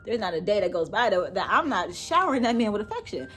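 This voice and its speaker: A woman's voice: mid-range voice, very animated, fast, a bit bright, faint music behind. A young woman hosting her own show, giving relationship advice in a casual, emphatic way and repeating her points with affection. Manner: emphatic, repetitive, playful and affectionate. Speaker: host.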